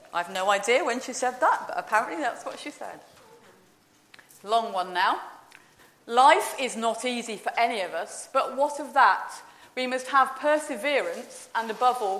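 In a recording with roomy church echo, a woman leads an informal all-age talk during a service, chatting playfully and quizzing the congregation. Her voice is on the high side and a bit bright, expressive and unhurried.

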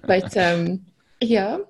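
South African woman guest, low-pitched. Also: a little hiss or hum. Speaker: podcast guest, consciousness coach. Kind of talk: conversational interview.

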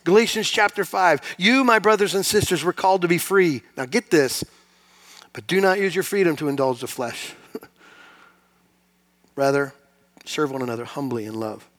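A middle-aged man preaching a sermon in a church, conversational and self-deprecating, swinging between loud emphatic peaks and quiet asides. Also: a little high, lively intonation, normal speed, long pauses. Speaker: pastor. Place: church sanctuary.

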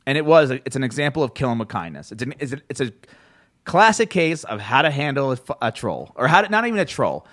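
A man's voice: medium pitch, fast, dry recording, clean studio sound. A man hosting a podcast in casual chat, telling stories with lots of laughs and swearing. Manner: animated storyteller, swears freely, laughs often. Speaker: podcast host.

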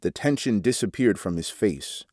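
A man reading a devotional article aloud in a measured way, announcing each quotation out loud. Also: on the low side, expressive, husky, no room sound, studio quality. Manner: measured, reads quote marks aloud. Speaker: devotional reader.

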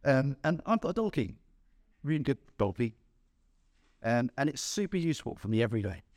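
Animated male preacher, lively pitch. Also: fairly quick, no echo, clean studio sound. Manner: animated storyteller, chuckles at own jokes. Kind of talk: sermon with storytelling.

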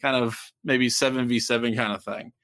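A man's voice: mid-range voice, fairly even intonation, normal speed, a bit bright, dry recording, studio quality. A man from Ohio co-hosting a casual sports podcast. He rambles, repeats and corrects himself, and chuckles often. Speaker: podcast co-host.

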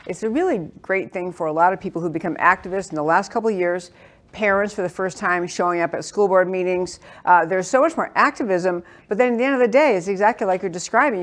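A woman hosting an interview, speaking in an enthusiastic, exclamatory way. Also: medium pitch. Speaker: host. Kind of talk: interview talk.

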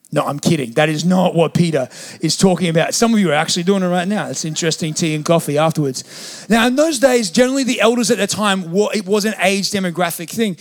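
A man's voice: fairly high pitch, fairly quick. A man preaching a sermon as a pastor, conversational and joking now and then.

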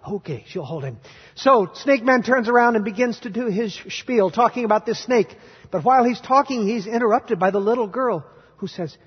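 A man preaching a sermon as pastor, telling stories dramatically and moving from hushed to loud. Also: very high-pitched, lively intonation, normal speed, husky. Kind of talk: sermon with storytelling. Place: church sanctuary. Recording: dull recording in a reverberant hall.

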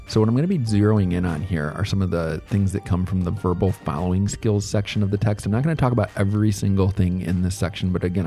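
A therapy instructor gives a relaxed, conversational recorded lecture, thinking aloud as he explains. His voice is low-pitched.

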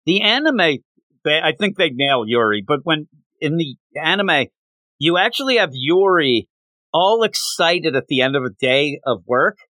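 Animated, bright-voiced man talking manga. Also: fairly high pitch, no room sound. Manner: animated, quotes characters in quick put-on voices. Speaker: podcast co-host. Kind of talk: casual manga discussion.

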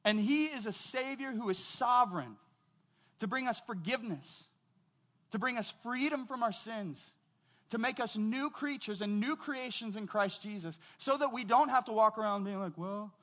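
Male pastor, middle-aged, higher-pitched voice, casual conversational preaching, tells stories. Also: normal speed, fairly bright tone. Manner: conversational, storytelling with quoted voices. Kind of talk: sermon.

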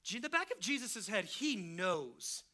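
A man's voice: sits high, sing-song, measured pace, pushed and bright. A man preaching a sermon as pastor, in a casual, emphatic style, and he acts out the people he quotes.

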